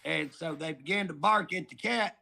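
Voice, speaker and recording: A man's voice: on the high side, moderate pace, vocal fry, sharp tone. A middle-aged man, telling stories in a folksy, joking drawl on a talk show. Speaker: politician guest. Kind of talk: casual talk show chat.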